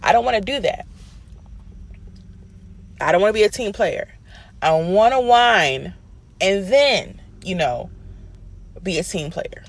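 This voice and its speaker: A man's voice: sits high, lively intonation, measured pace, long pauses, exaggerated voice. A man mockingly speaking as a whiny, self-pitying woman who explains herself. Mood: mocking whine. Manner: mocking, whining.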